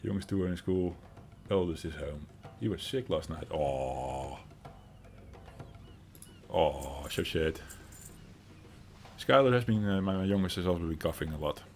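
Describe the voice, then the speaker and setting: Low-voiced Dutch man chatting on stream. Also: quick pace, few pauses, a little mellow, slight background noise. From Netherlands. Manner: chatty, reads out and answers chat, rambling with fillers. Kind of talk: casual live-stream chat.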